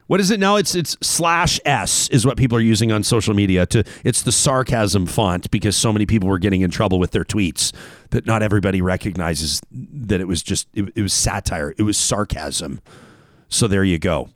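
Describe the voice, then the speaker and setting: A man's voice: lowish voice, moderate pace, no echo. A man hosting a talk show, chatting casually and joking, with frequent laughs and read-out sponsor spots. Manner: animated, jokey, laughs often. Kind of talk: casual talk radio chat.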